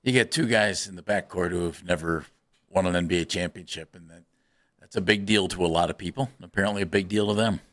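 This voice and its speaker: A man's voice: low-pitched, quick pace, a bit bright. A man co-hosting a sports radio show, talking casually and dryly teasing his partner as he lays out a prepared bit. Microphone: studio microphone.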